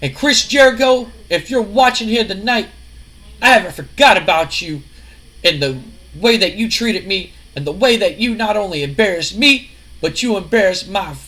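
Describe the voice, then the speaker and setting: A man's voice: high voice, lively intonation, moderate pace, sharp tone, voice pushed up, full character voice. A man voicing a young wrestler who complains about being wronged and pleads with his father. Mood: aggrieved.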